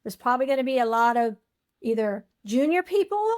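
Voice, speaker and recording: Woman podcast guest, higher voice, blunt and emphatic. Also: expressive, a little fast. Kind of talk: casual interview chat.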